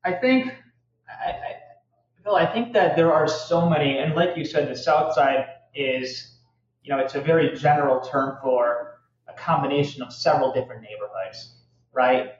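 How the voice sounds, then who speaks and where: Male podcast guest with a halting, filler-heavy delivery. Echoey, muffled audio. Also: mid-range voice. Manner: halting, many fillers and restarts. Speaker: real estate guest. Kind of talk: casual podcast interview. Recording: echoey, slightly dull audio.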